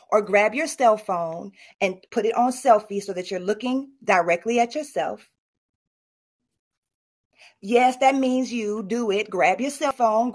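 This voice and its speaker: A middle-aged woman presenting at an online summit in a motivational, coaching tone. Her voice sits a little high, and she talks straight to her listeners. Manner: motivational, coaching the audience directly. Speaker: speaker.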